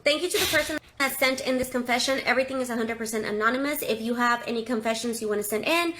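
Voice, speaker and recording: A woman's voice: fairly high pitch, quick pace, fairly bright tone. A young woman telling a confession story in a casual, chatty, dramatic way, with lots of fillers. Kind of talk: casual first-person storytelling.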